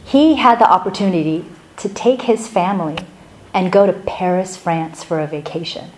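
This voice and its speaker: A middle-aged woman pastor opening a sermon with a chatty, animated personal story, laughing now and then. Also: lowish voice, moderate pace, a little hiss or hum, rough recording.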